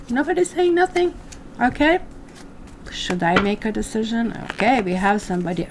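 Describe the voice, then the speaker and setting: Over heavy background noise, a tarot reader chats her way through a live reading, addressing viewers as "guys" with many fillers and asides. She speaks at normal speed in a medium pitch, with lively intonation and vocal fry.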